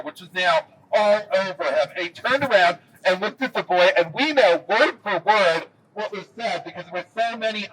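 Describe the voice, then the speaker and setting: A man giving a historical walking tour, telling the story with lively pacing and dry jokes. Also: high voice, breathy edge. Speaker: tour guide. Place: outdoors in a city square. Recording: distant camera mic, faint street noise.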